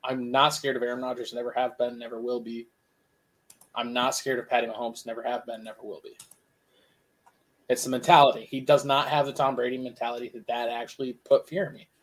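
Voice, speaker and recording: A man's voice: mid-range voice, flat delivery, fairly quick. A man co-hosting a sports podcast, arguing his points emphatically and repeating lines for effect in casual chat. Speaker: podcast co-host.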